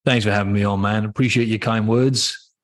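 Guy w a welsh-aussie mix accent, lowish voice, easygoing podcast guest chat. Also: brisk. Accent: Welsh mixed with Australian. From Wales. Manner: relaxed, laughs easily. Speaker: podcast guest, fitness coach. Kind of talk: casual interview chat.

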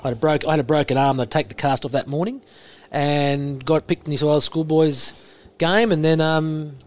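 Australian man with a raised voice, yarn-spinning. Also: normal speed. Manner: animated anecdote-telling, gets louder and higher imitating others. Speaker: guest, former rugby prop. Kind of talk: casual podcast chat, storytelling.

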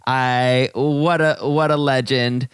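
A man hosting a podcast in casual chat, giggly and quick to agree. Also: medium pitch, fairly even intonation, clear, resonant tone, dry recording, clean studio sound. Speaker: podcast host.

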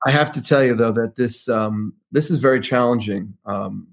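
A man's voice: medium pitch, moderate pace. A man, a rabbi hosting an interview, asking thoughtful questions and dropping in Hebrew terms. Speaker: rabbi and podcast host. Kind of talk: interview conversation.

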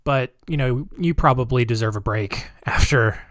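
A man's voice: medium pitch, moderate pace, fairly bright tone, dry recording, studio quality. A man hosting a podcast, talking in a casual, sarcastic, rambling way with joking asides. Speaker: podcast host.

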